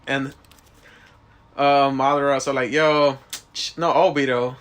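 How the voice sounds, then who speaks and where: A man's voice: mid-range voice, level tone, a little slow, fairly bright tone. A young man co-hosting a casual podcast, crude and joking, ranting with mocking impressions. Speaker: podcast co-host. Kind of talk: casual chat.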